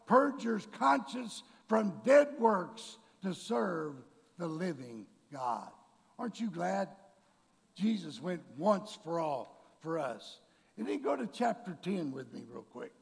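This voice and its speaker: A man preaching a sermon to his congregation, bursting into shouted, drawn-out emphasis and calling them folks and church. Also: high voice, gravelly, slightly rough. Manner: addresses the congregation directly. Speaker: pastor. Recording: long reverb of a large hall.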